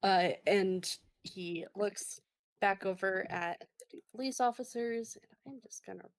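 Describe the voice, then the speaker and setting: A woman's voice: medium pitch, unhurried. A woman narrating as game master of a tabletop game, hesitant and full of fillers.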